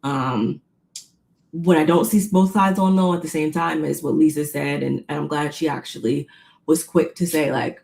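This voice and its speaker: A woman co-hosting a casual recap chat, retelling scenes in an animated way with quoted voices. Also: low-pitched, moderate pace, gravelly. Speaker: podcast co-host recapping a reality show.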